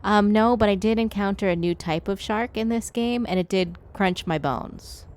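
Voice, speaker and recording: A woman's voice: mid-range voice, moderate pace, a little mellow. Woman streamer chatting away to her viewers while she plays, goofy and playful. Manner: chatty, playful, talks to chat and the game. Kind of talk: casual gameplay streaming.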